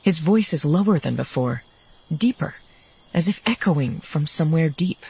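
A woman reading an audiobook in measured scripted narration. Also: low-pitched, animated, vocal fry, a little mellow, slightly rough, poor audio.

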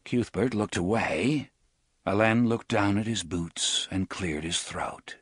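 A man narrating an audiobook in measured, expressive storytelling. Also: lowish voice, husky, no room sound, studio quality.

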